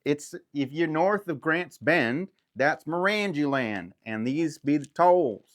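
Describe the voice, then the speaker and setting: A woman voicing a gruff rustic male farmer bandit who demands tolls, in a drawling backwoods dialect. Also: low voice, expressive, slow pace, pitched above the performer's own voice. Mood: demanding.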